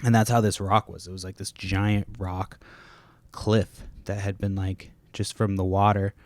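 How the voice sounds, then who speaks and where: A man's voice: sits low, level tone, measured pace, no room sound. A man hosting a casual solo podcast from home, rambling, swearing often and stopping mid-sentence to restart. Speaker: podcast host. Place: home, kids nearby.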